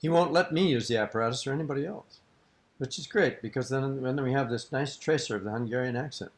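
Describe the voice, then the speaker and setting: A man's voice: medium pitch, quick pace. Older man, interviewee, rambling anecdotal storytelling, amused, archival tape. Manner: rambling, amused, breaks into laughter.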